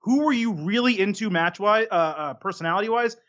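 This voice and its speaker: Podcast host guy, dry teasing, keeps things moving, high sharp voice, lo-fi sound. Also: animated, fairly quick. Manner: steering the talk, dry teasing. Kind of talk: casual podcast chat. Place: studio.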